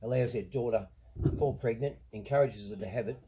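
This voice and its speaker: A man's voice: mid-range voice, fairly quick, mellow, slight background noise, poor audio. A middle-aged Australian man ranting into the camera, blunt and sarcastic, swearing a lot. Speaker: vlogger.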